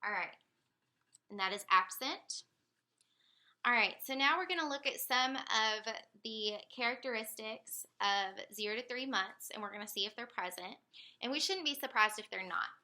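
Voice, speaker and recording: A woman running a motor speech examination, giving calm step-by-step instructions. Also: on the high side, moderate pace. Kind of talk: clinical motor speech exam.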